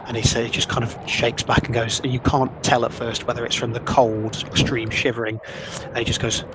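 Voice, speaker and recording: A man narrating a tabletop game as dungeon master, relaxed and conversational. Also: medium pitch, a little fast, background noise.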